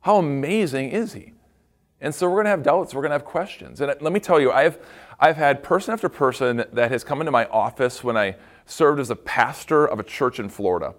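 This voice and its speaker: A man's voice: mid-range voice, expressive, fairly quick. A middle-aged man, a school pastor, gives a devotional talk to students and acts out the quotes as he tells the story.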